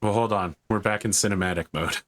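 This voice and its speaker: Low-voiced male game master. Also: steady tone, fast talker, a bit bright. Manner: casual, chatty, thinks aloud about rules. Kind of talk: narrating a tabletop game.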